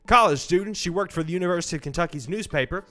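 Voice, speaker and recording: A young man telling a childhood story to camera in a casual, animated way. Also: racing, faint music behind. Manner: animated, acts out quoted voices with big pitch jumps. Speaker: vlogger.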